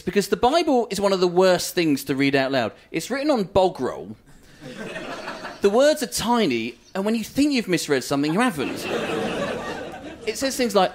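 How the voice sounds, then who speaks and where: A man doing stand-up comedy storytelling, animated and self-mocking, laughing through his lines. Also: fairly high pitch, brisk, slight background noise.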